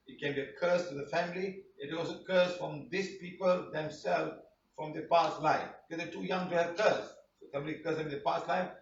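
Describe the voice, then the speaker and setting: A man with a slightly high voice teaches an online healing class, rambling and repeating himself for emphasis. There's a faint hiss or hum, and the recording sounds roomy, distant and dull.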